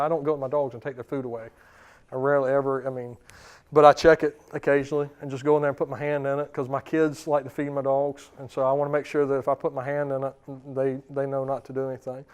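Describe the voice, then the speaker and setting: A man's voice: a little high, darkish tone. A man in his thirties, a dog trainer giving a seminar to clients in a conversational way, often repeating words and acting out the commands he gives.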